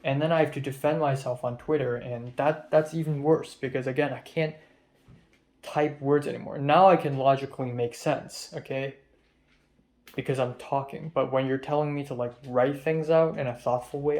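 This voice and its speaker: A tired young man rambling and swearing in a soft-spoken confessional vlog about his stress. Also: mid-range voice, steady tone, moderate pace. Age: young adult. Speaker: vlogger. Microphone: phone camera.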